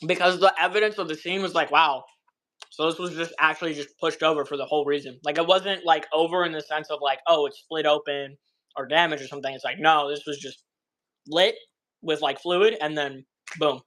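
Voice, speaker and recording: A man's voice: a little high, a little fast, a bit bright, poor audio. A young man guest in a casual debate, blunt and swearing freely as he talks.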